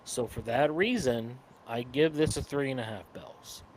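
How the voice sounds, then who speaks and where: A man co-hosting a podcast in casual chat, measured and critical as he gives his opinion. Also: medium pitch, darkish tone, a little hiss or hum. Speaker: podcast co-host.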